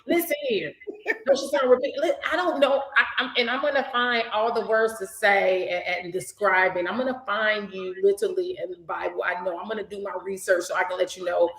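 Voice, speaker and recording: A woman hosting a casual talk for a nonprofit program, animated and effusive, praising and preaching with a lilt. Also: medium pitch, fairly quick, creaky, reverberant, rough recording. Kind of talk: casual chat.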